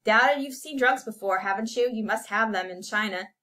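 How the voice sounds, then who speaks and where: A loud, blustering drunk party host who repeats himself and pushes people around, as a woman reading the story puts him on. He talks high and loud for a man in this storybook reading. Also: moderate pace, natural voice.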